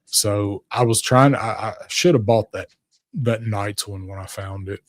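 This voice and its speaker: A man's voice: lowish voice, measured pace, no room sound, clean studio sound. A man co-hosting a casual toy show podcast, talking in a loose, rambling way with frequent restarts and fillers. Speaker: co-host.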